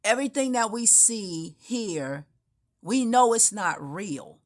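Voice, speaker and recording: A woman with a medium-pitched voice speaks slowly but animatedly in an unrehearsed spiritual monologue. She tells her story emphatically and circuitously, restarting often.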